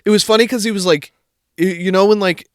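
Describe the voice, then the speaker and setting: A man's voice: high voice, fairly even intonation, fast, no echo, clean studio sound. A young man co-hosting a podcast, rambling in casual chat and acting out quotes. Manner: rambling, lots of "like", acts out quotes. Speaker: podcast co-host.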